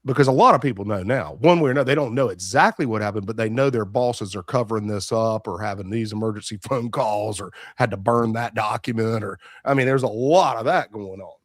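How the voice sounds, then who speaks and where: Rambling podcast host, dry mic. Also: male voice, lowish voice, fairly quick, hardly any pauses, no echo. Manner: animated, rambling, asks leading questions. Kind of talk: casual podcast interview.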